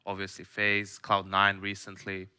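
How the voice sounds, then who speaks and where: A man giving measured esports analysis on a studio desk. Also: low-pitched, monotone, pushed and bright, clear, resonant tone.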